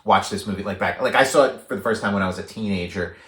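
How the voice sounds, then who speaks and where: Low-voiced man rambling about films. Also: fast. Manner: rambling, many fillers, animated acted-out quotes. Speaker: podcast co-host. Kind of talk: casual film discussion. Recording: roomy echo.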